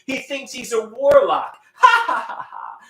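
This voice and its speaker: A man putting on jeering schoolboy bullies who cackle and sneer in a high voice. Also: very animated, measured pace, a bit bright, reverberant, recorded from a distance, exaggerated voice. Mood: mocking.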